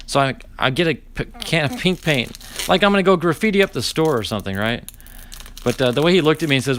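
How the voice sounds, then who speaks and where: A man in his forties, hosting a live card-opening stream, chatty and animated, telling stories with dry sarcasm and greeting viewers. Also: on the high side, fast, a little hiss or hum. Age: 40s. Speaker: host opening card packs.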